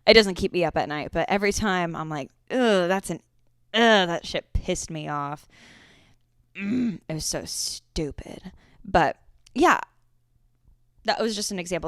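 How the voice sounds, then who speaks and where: A woman's voice: lowish voice, clear, resonant tone, no echo, studio quality. A woman in her twenties hosting a casual solo podcast, telling stories in a chatty, swearing way. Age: 20s. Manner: chatty storytelling with frequent swearing. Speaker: podcast host.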